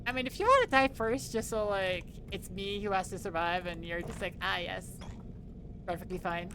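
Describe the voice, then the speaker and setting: A woman's voice: medium pitch, lively intonation, normal speed, fairly bright tone, a little hiss or hum. A woman streaming a game, chatting casually with friends and laughing easily. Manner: giggly, easily amused. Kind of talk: casual gameplay chat.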